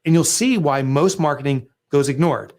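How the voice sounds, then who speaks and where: A middle-aged man with a somewhat high voice talks business with energy and emphasis. He is an author guesting on a show, and he acts out sales pitches in quick, lively asides. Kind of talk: animated business talk.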